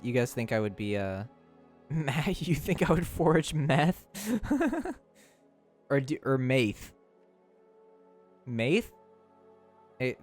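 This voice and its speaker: A young man streaming live, chatting playfully with his chat, laughing often and tripping over his words. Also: mid-range voice.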